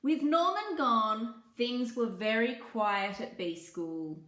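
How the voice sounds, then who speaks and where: A woman reads a children's picture book aloud at a very slow, gentle pace. Her voice sits a little high and swings through a wide, lively range. Her reading rings in an echoey room. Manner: slow, gentle, adds asides about the pictures. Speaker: children's story reader.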